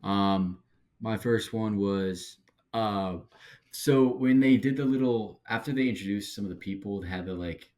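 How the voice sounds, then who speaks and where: A man co-hosting a casual recap podcast, talking in a relaxed, rambling way with halting restarts. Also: lowish voice. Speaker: podcast co-host.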